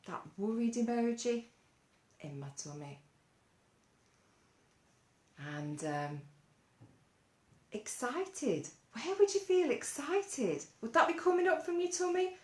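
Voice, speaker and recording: A woman leading a gentle mindfulness lesson for children, coaxing them along with lots of playful questions. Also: a little high, animated, slow, long pauses. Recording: roomy echo.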